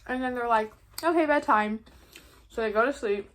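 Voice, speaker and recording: A woman's voice: fairly high pitch, fairly even intonation, fast talker. Chatty teenage girl gossiping through a story recap. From New York. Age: late teens. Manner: chatty, gossipy retelling with playful swearing. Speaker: vlogger. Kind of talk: casual story recap during a mukbang.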